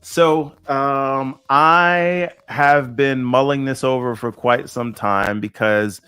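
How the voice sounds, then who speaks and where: A man's voice: medium pitch, takes it slowly, clear, resonant tone, faint music behind. A man co-hosting a gaming podcast, talking animatedly, tagging "right?" onto his points. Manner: animated, says "right?" often, acts out quoted voices. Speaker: podcast co-host. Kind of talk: casual podcast debate.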